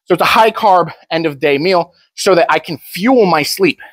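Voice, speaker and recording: A man's voice: a little high, moderate pace, fairly bright tone, dry recording. A young man talking casually to camera, blunt and joking, rambling with frequent restarts. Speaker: powerlifter vlogger.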